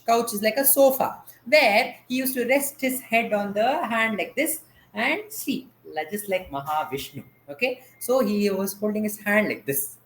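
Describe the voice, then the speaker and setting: A man's voice: high-pitched, a bit bright, echoey room, a little hiss or hum. A man teaching a dance class over a video call. He patiently asks questions and has the students repeat each term after him.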